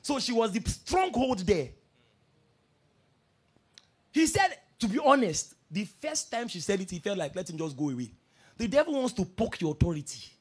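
A male pastor preaches with a high voice that leaps up and down. He tells his stories with energy, dropping to quiet asides and then rising to loud declarations. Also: moderate pace, pauses often, husky. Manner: animated storytelling, swings from soft asides to loud declarations. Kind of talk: sermon.

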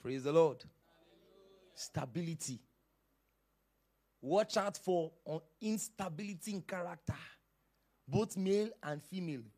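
A man's voice: on the high side, a little slow, pauses often, mellow. A male pastor preaching a sermon in an emphatic, dramatic manner, with sudden outbursts.

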